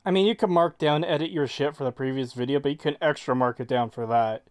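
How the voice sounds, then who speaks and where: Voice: medium pitch, quick pace. A podcast co-host in casual chat, quizzical and sarcastic, with some swearing.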